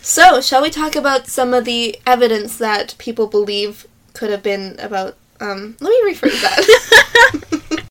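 Giggly teasing woman, high lively voice. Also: measured pace. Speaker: podcast co-host. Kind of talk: casual chat. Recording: audible background noise, ticking clock.

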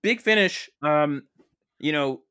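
Forceful deadpan man telling absurd tales. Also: on the high side, slow pace, clean tone, no echo, studio quality. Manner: rambling, deadpan absurd storyteller. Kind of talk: improvised comedy storytelling.

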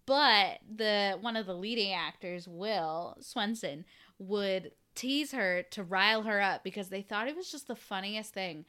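Young woman, podcast co-host, casual chat, bright voice, quick laughs. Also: medium pitch, clear, resonant tone.

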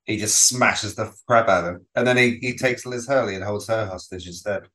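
A man's voice: on the low side, brisk, sharp tone. A man co-hosting a casual film podcast, rambling and restarting his sentences, often laughing along. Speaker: podcast co-host.

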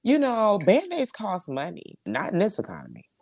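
A woman co-hosting a podcast in casual, expressive chat. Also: mid-range voice, gravelly, breathy edge, no echo, studio quality. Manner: animated, expressive, quick asides. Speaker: podcast co-host.

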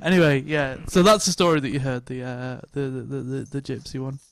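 A man telling a lively anecdote in casual chat. He swears, laughs often and stammers over restarts. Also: medium pitch, a little fast, vocal fry, no echo.

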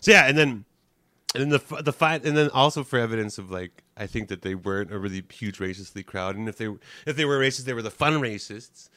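A man's voice: mid-range voice, fast, no echo, studio quality. A man who does stand-up, telling a story in a casual chat, laughing often, restarting his sentences and mimicking other people's voices. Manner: animated, laughs often while telling an anecdote; rambling with many restarts and "like" fillers. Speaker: stand-up comedian.

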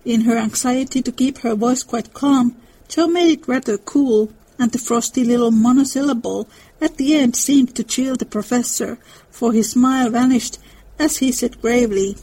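A woman giving an expressive dramatic reading of a classic novel, narrating and voicing the characters. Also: fairly high pitch, normal speed, poor audio. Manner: expressive storytelling.

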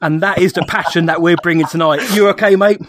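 A man's voice: high-pitched, fairly even intonation, fast, no echo. A man hosting a podcast, playful and fond of puns in casual chat. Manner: playful, punning. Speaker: podcast host.

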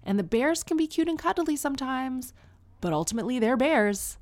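With a high, expressive and slightly mellow voice, a woman podcast host talks briskly as she responds to a listener's question. She's frank and conversational, telling personal stories with many restarts and emphatic asides.

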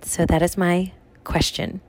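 A woman's voice: lowish voice, little pitch movement, unhurried, a little mellow, no room sound. A woman recording an affectionate, gushing video message with a question for a friend. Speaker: guest sending a recorded question.

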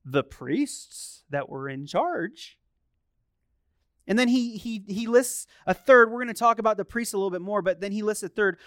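A man's voice: sits high, expressive, moderate pace, a bit bright, no echo, clean studio sound. A middle-aged male pastor preaching a sermon in a conversational way, often asking his listeners questions. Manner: conversational, asks the congregation questions.

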